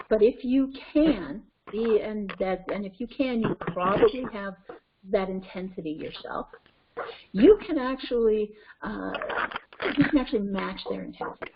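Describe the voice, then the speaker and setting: A woman's voice: medium pitch, a little hiss or hum. A woman parenting coach teaching a webinar in a conversational way, often checking in with "okay?" and "right?". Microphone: conference call line. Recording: muffled web call audio.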